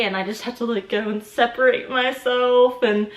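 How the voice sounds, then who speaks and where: A woman's voice: a little high, steady tone, moderate pace. A woman in her twenties chatting casually and giggling in a pregnancy update vlog, a little out of breath. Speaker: vlogger. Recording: echoey room.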